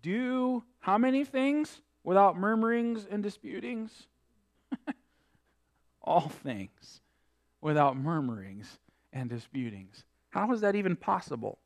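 A man preaching a sermon, quoting scripture in old-fashioned wording and swinging between emphatic peaks and quieter asides. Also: lively intonation, slow pace. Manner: emphatic preaching, rising and falling in pitch and loudness. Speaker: pastor.

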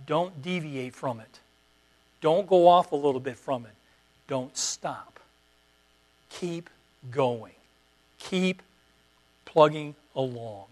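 Man preaching a sermon, soft to emphatic. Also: fairly high pitch, slow, long pauses. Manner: preacherly, repetitive exhortations swinging from quiet to emphatic. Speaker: pastor.

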